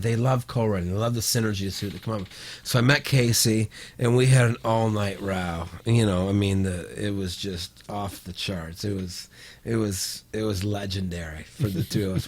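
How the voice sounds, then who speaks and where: A middle-aged Canadian songwriter telling a story as a podcast guest, rambling, restarting sentences and swearing freely. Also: male voice, on the low side, fairly even intonation, normal speed, darkish tone, slight background noise. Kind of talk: casual storytelling.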